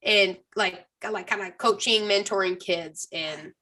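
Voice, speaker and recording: A young woman co-hosting a podcast in casual chat, throwing in quick teasing asides and questions. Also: mid-range voice, sharp tone. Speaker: podcast co-host.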